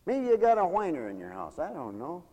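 A man preaches in a folksy, animated way, mimicking the people in his stories. His voice sits high and leaps up and down. The hall behind him rings with long reverb. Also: fairly quick. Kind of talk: folksy sermon.

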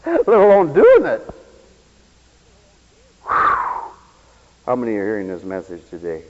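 High, lively preacher on a lo-fi radio broadcast. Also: male voice. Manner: swings between loud exclamations and low asides, acts out quoted voices. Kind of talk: sermon. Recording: dull, lo-fi radio broadcast with hall reverb.

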